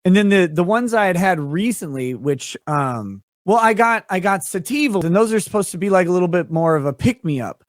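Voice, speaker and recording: A man hosting a casual live-stream chat, relaxed and easygoing, with frequent "uh" fillers. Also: high voice, brisk, few pauses, dry recording, studio quality.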